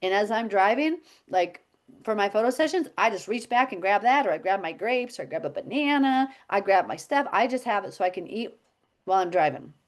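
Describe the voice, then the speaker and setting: A middle-aged woman talks over a video call, leading a group meeting. She is chatty and tells stories with frequent laughter. Her pitch sits in an ordinary middle range. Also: animated, fairly quick. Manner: chatty storyteller, laughs often. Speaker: health teacher. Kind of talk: casual video-call chat.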